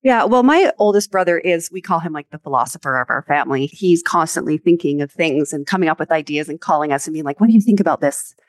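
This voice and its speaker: Upbeat Canadian woman, lower voice, dry sound. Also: lively intonation, fast, hardly any pauses, no echo. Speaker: guest, business and life coach. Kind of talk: casual podcast interview.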